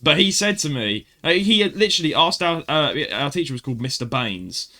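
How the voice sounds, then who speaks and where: A man's voice: fairly high pitch, big pitch swings, fairly quick, bright, forceful tone. A young man co-hosting a casual podcast, telling stories animatedly and mimicking voices. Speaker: podcast co-host. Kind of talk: casual chat.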